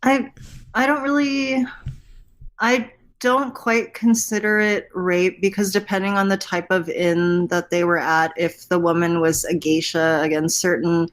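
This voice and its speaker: A woman's voice: lowish voice, little pitch movement, unhurried. A woman joining a podcast as a guest, casually adding details about a film. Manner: chatty, adds details and laughs along.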